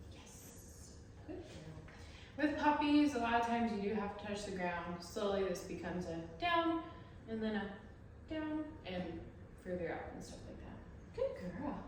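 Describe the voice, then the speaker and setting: A woman dog trainer explaining her methods while she works with a dog, breaking off to praise it in a high voice. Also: expressive, normal speed, very echoey, far from the mic, slight background noise, poor audio.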